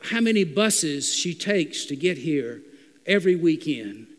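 A man voicing a tearful teenage boy in juvenile detention, within a sermon, halting with fillers. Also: on the high side, sing-song. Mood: sad. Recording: long reverb of a large hall.

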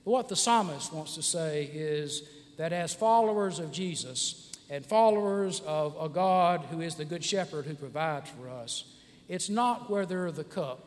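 Man, 60s, pastor giving a sermon, high-pitched, rambling and filler-heavy, in a church with long reverb. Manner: conversational, frequent "uh" fillers and restarts.

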